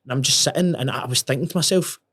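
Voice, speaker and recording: A young man speaking as a podcast guest, with a mid-pitched voice. He tells his story in a casual, animated way. He swears often and stumbles over repeated words. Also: fast, breathy edge.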